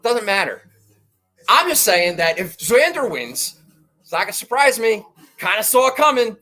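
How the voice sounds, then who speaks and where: A man's voice: sits high, big pitch swings, moderate pace, soft background music, low-quality recording. Profane, fired-up man ranting. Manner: swings from quiet muttering to shouting. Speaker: golf betting podcast host. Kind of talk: fired-up monologue.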